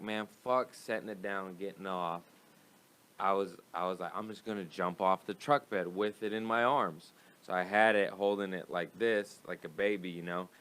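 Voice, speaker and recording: A man's voice: low-pitched, bright, forceful tone, clean tone. A young man, a comedian guest, telling a profane, rambling story in casual chat.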